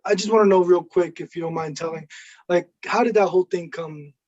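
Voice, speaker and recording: High-voiced Brooklyn-born host man. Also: a little fast, a little mellow, highs cut off. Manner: eager, informal questioner with fillers. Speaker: podcast host. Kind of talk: casual interview.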